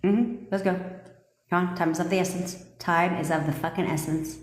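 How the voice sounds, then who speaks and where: Woman, low-pitched, blunt commanding coach, swears freely, roomy echo. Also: fairly even intonation, normal speed. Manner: laughs and jokes with viewers. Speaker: manifestation coach. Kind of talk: live-stream coaching talk. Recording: echoey room with long reverb.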